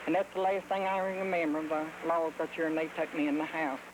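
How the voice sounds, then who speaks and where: An older woman giving a steady, blunt account in a documentary interview. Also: low voice, fairly quick, noisy background.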